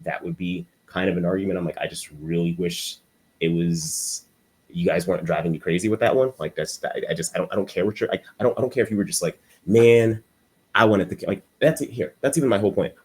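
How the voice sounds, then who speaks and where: A man with a low voice talks through an unscripted video essay. He rambles and stumbles over his words, restarting sentence after sentence. His voice has a husky edge. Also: quick pace, a little mellow. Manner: rambling, stuttering, many restarts. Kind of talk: unscripted commentary monologue.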